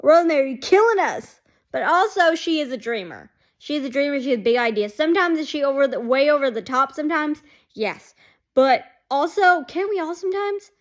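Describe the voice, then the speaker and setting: A woman's voice: sits high, animated, fairly quick. A woman chatting casually to her camera as a fan vlogger, rambling and saying "like" constantly. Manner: rambling, heavy use of "like", chatty. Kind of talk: casual chat.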